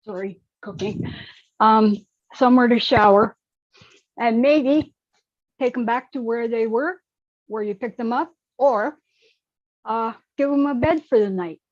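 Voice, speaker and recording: A woman's voice: on the high side, a little slow, pauses often, dry recording, muffled recording. A woman speaking bluntly and outspokenly as a panelist on an online call. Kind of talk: opinionated remarks.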